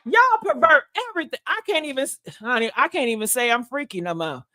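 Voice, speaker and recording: A woman's voice: sits high, wildly swooping pitch, quick pace, pushed and bright. Sassy, profane woman gossip host. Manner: sassy, brash and profane, calls viewers honey and baby. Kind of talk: casual gossip livestream commentary.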